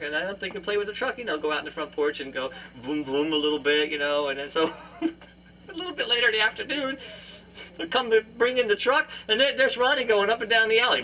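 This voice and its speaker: Host, male, high bright voice, mic at a distance, laughing storyteller doing voices. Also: animated, a little fast, a little hiss or hum. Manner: laughs often, acts out voices in anecdotes. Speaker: podcast host and musician. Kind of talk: casual family storytelling. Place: family home, live remote.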